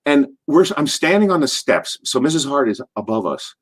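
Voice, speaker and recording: A man's voice: medium pitch, expressive, normal speed, husky. Older man telling a rambling story. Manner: rambling, acts out quotes in voices. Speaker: interview guest, former pro wrestler. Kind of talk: animated storytelling.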